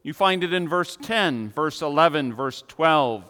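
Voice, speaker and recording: A man preaching an expository sermon with measured, emphatic repetition. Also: fairly high pitch, expressive, sharp tone. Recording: long hall reverb.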